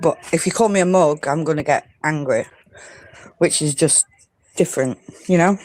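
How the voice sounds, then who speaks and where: A woman's voice: sits low, normal speed, a little mellow. An English woman on a chat panel, bantering bluntly and teasing the others. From England. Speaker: panel guest. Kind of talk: casual group chat.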